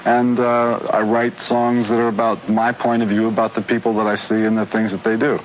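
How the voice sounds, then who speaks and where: A man with a fairly low voice who answers with dry, wry understatement. The sound is dull, like an old broadcast, with a faint hiss underneath. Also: little pitch movement, fairly quick. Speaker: musician guest. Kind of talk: morning TV interview.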